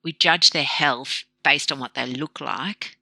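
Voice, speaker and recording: A woman, a guest in an interview, who explains her ideas through lively analogies and acts out quoted voices. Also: very deep voice, a little slow, gravelly, no room sound. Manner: animated storyteller who acts out quoted dialogue. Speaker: guest, low-carb practitioner. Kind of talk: conversational interview.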